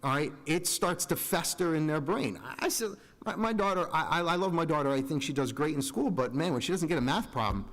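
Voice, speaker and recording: A man's voice: a little high, lively intonation, fairly quick, hardly any pauses, a bit bright. Earnest rambling man in a hall. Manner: rambling, earnest, self-interrupting. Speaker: school board member. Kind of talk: public meeting remarks. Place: large school meeting room. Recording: reverberant hall.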